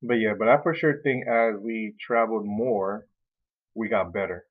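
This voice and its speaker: A man co-hosting a casual podcast chat, animated, often laughing and acting out what people say. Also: on the low side, moderate pace. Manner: animated, acts out quoted voices, laughs often. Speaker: podcast co-host. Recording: tinny phone-like audio.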